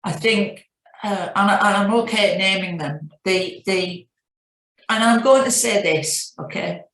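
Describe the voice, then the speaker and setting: A middle-aged woman with a Northern English accent recalls her career in a reflective, storytelling way, often restarting her sentences. Her voice sits at a moderate pitch, and the room around her is noticeably echoey. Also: a little slow, fairly bright tone. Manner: reflective, anecdotal, frequent restarts. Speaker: CEO guest. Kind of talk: business interview.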